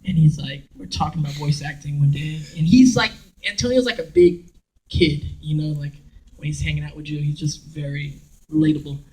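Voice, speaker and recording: A man, a voice actor on a convention panel, telling animated stories in a casual way and laughing as he acts out quotes. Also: a little high, brisk. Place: dim convention panel room. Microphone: recorded from the audience by a camera far from the stage. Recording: distant audience recording.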